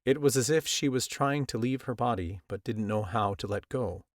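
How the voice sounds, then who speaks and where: A man narrating a first-person audiobook in a measured, earnest storytelling manner, close to the mic. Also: medium pitch, dry recording. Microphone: close studio mic.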